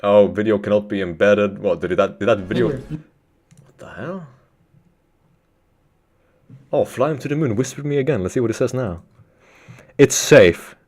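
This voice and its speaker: A man live-streaming, chatting casually with his viewers, excitable and constantly swearing. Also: on the low side, a little slow, long pauses.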